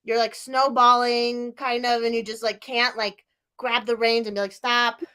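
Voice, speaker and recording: A woman chatting on a casual podcast, a little tipsy and rambling freely. Her voice sits a bit high and sounds bright and forceful, broken up by frequent laughs and a steady stream of "like.". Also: normal speed, clean tone. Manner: rambling, laughs often, lots of "like". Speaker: podcast co-host. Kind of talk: casual chat.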